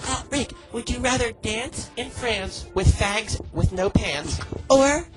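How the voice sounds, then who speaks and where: Loud, crude young man riffing. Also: extremely high pitch, animated, slow pace, over music. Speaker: radio show regular. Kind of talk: casual radio banter.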